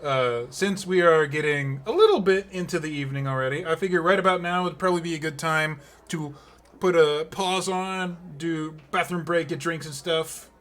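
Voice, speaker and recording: A man's voice: on the high side, normal speed, fairly bright tone. A man narrating a tabletop game as game master, rambling with many fillers and restarts.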